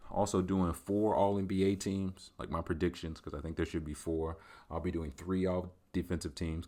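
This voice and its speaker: A male podcast host riffing alone in a loose, joking, boastful manner. His voice sits very low and heavy. He treats his commentary like a comedy bit. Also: a little mellow.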